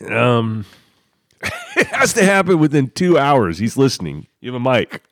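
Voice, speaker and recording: A man's voice: medium pitch, big pitch swings, measured pace, no room sound, clean studio sound. A man in casual comedic chat, joking and laughing often as he acts out silly scenarios.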